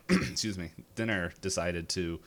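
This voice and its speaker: A man's voice: low voice, slow, a crowd in the background. A man running a tabletop game, chatting casually with his players and acting out quotes as he tells stories. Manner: animated storyteller, acts out quotes. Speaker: game master.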